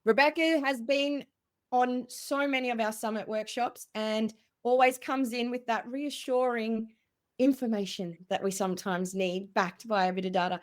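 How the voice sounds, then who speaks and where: A woman hosts a video-call panel discussion with an upbeat, effusive manner. Her voice is fairly high. She keeps the conversation moving warmly. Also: fairly even intonation, moderate pace. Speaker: host.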